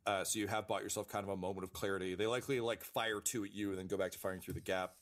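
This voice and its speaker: A low-voiced man narrates a tabletop game as game master. He fills his descriptions with ums and uhs as he thinks on the fly. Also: steady tone, racing. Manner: hesitant, many ums and uhs.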